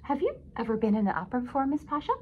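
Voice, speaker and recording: A woman's voice: fairly high pitch, racing, phone-quality sound, a little hiss or hum, pitched above the performer's own voice, close to an everyday voice. A woman voicing a friendly, scruffy little male mutt in a storybook read-aloud, chatty and cheerful.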